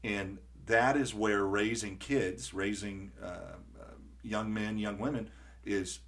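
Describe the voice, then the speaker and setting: A man hosting a podcast in casual conversation, who tells stories with lively acted-out quotes and frequent restarts. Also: on the low side, takes it slowly. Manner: animated storyteller acting out quotes. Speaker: podcast host.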